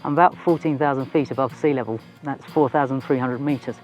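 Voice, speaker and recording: A man's voice: mid-range voice, quick pace, dull audio, soft background music. A man, a science teacher presenting a documentary to camera in a chatty, informal and self-deprecating way. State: a bit out of breath. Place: outdoors on a mountain top.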